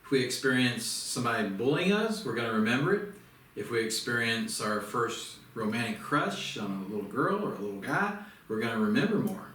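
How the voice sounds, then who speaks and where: A man's voice: medium pitch, sing-song, fairly quick, a bit bright. Man, speed reading teacher, pep-talk energy, counts aloud, distant mic, echoey room. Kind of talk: motivational lesson.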